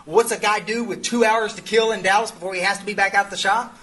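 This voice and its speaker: A man's voice: sits high, steady tone, fast, pushed and bright. A middle-aged man, telling a rambling, humorous story to a recovery group, full of restarts. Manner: rambling, self-interrupting, humorous. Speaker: sponsor leading a twelve-step study. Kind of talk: folksy storytelling talk to a group.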